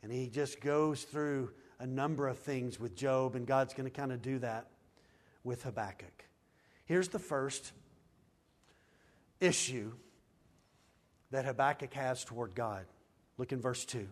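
A man preaching a sermon in an earnest voice, swinging from loud pleading to hushed, low lines. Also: a little slow, long pauses. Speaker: pastor.

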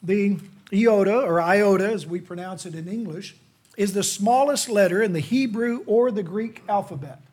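Folksy man preaching, husky high voice. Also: normal speed, a little mellow. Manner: folksy, self-deprecating, conversational. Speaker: lay preacher. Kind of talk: sermon. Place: church.

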